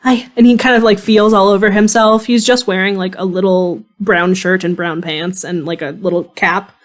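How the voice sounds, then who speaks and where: A woman's voice: mid-range voice, fairly even intonation, normal speed. A woman narrating a tabletop game as game master, casual and giggly, with many fillers.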